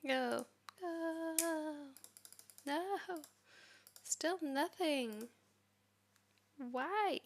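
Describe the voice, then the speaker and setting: A woman vlogger narrating her coding session, talking back at the software in exasperation. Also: sits high, moderate pace. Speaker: tech vlogger. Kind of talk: screen-recorded coding commentary.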